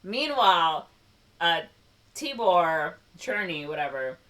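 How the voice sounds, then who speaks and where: A woman co-hosting a podcast, telling a movie's plot in a loose, filler-heavy way with quick quoted voices. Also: on the low side, sing-song, sharp tone, far from the mic. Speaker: podcast co-host. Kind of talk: casual movie recap.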